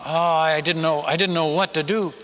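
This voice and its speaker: A man's voice: on the high side, fairly even intonation, normal speed, fairly bright tone. A man, a missionary preacher, tells a story in a sermon, acting out the dialogue and the sound effects. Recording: long reverb of a large hall.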